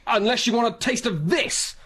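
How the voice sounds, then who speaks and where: An actor playing a jittery, melodramatic young office climber in a radio comedy. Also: male voice, very high-pitched, normal speed, fairly bright tone, husky, heavily acted. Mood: menacing. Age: young adult. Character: jittery young male corporate climber turned menacing.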